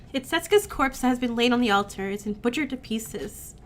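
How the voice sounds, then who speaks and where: Woman let's player, still getting over a cold, pitched a bit high, casual chat plus read-aloud game dialogue. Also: animated, moderate pace, a little hiss or hum. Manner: chatty, reacts with sighs and groans between read lines. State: recovering from illness, sick-sounding voice. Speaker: let's play streamer. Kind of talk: casual gameplay commentary and reading game text aloud.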